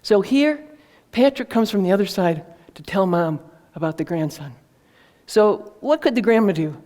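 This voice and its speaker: A woman's voice: medium pitch, animated, normal speed, mellow. Woman author telling an earnest story. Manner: earnest, with many fillers and restarts. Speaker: author presenting her book. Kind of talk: conversational storytelling talk.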